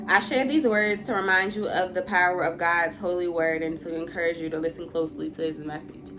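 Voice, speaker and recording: A woman's voice: on the low side, fairly even intonation, brisk, few pauses. A woman giving a casual spiritual talk to her viewers. She is chatty, calls them y'all and laughs often. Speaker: intuitive spiritual reader. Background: music.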